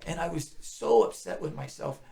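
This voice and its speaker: A middle-aged man with a deep, heavily gravelly voice tells his story of faith. He speaks earnestly and often sinks into hushed, near-whispered tones when the memories weigh on him. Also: fairly even intonation, moderate pace. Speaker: guest sharing testimony. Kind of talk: emotional personal testimony.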